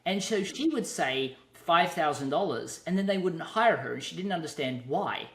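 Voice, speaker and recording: A man's voice: on the high side, lively intonation, normal speed. A man hosting an interview, talking in a reflective way with frequent restarts. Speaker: podcast host. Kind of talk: casual interview chat. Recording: roomy echo.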